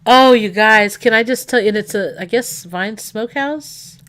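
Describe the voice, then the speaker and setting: A middle-aged woman hosting a livestream, tearful and rambling as she chats warmly with her viewers. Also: a little high, normal speed. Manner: tearful, rambling, full of restarts and laughs. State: crying. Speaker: livestream host. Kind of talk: emotional casual chat to a live audience.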